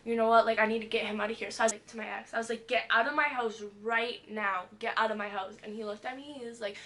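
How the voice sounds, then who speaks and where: A woman's voice: on the high side, brisk. A young woman vlogger telling a wild story from her past in a storytime vlog, full of "like" and swearing, acting out what people said. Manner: fillers "like" constantly, animated retelling, swears.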